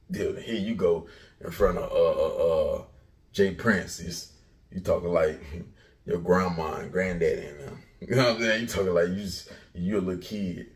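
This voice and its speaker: Deep-ish guy doing a mocking rant on his channel, voice kinda far off the mic. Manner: loud, taunting, jumps into high mocking pitch. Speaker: commentary channel host.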